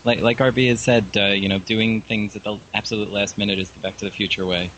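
A man's voice: on the low side, level tone, fast, fairly bright tone, a little hiss or hum, poor audio. A man calling into a casual show, hesitant and self-deprecating, giggling between remarks. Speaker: caller. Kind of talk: casual call-in chat.

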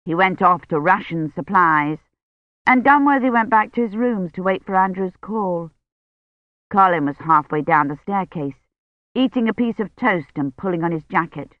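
An audiobook narrator reading a novel in a measured, even storytelling manner. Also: medium pitch, dry recording. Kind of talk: scripted narration. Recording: dull, dry lo-fi recording.

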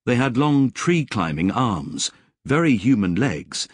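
A man narrating an audiobook in scripted, expressive storytelling with vivid description. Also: medium pitch, a little slow, slightly rough, dry recording, clean studio sound.

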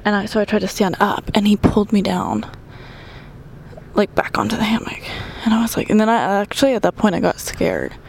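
A woman's voice: mid-range voice, lively intonation, a little fast, gravelly, darkish tone, slight background noise. A young woman telling a story in casual chat, profane, often dropping into whispered asides while doing squats.

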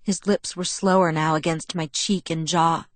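A woman narrating a first-person novel in a steady, intimate storytelling manner. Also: low voice, normal speed, no room sound. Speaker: audiobook narrator.

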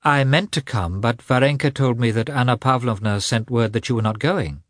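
A man reading aloud, voicing a gentle, earnest young princess in a raised, soft voice. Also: medium pitch, moderate pace, no room sound, clean studio sound, pitched above the performer's own voice, natural voice.

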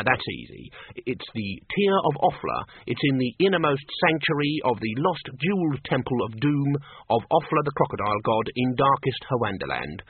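A jittery male jeweller caught mid-sales pitch, stammering yet smooth, as a narrator plays him. The husky voice moves with lively pitch in a dry, tinny, phone-like storybook recording. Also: dry recording. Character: anxious male gem merchant.

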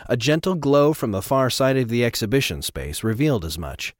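A man narrating an audiobook with an expressive, dramatic reading. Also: mid-range voice, fairly quick, no room sound, clean studio sound. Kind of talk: scripted narration.

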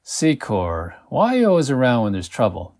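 A man voices a blunt, weary middle-aged FBI agent who speaks matter-of-factly and gruffly. His mid-range voice is a little mellow and close to an everyday voice, with lively intonation and a fairly quick pace.

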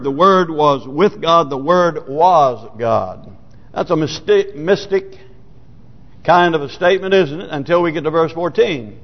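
High-voiced preacher in an echoing hall. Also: male voice. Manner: asks the congregation rhetorical questions; reads scripture aloud with emphasis. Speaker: pastor. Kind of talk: sermon. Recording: dull, lo-fi recording in a reverberant church hall.

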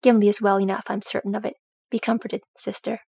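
A practical dwarf queen who works a forge speaks with dry wit, read by a woman. Her voice is gravelly and husky, and it comes across calm and even. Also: mid-range voice, fairly quick, no echo. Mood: kindly. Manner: dry, wry.

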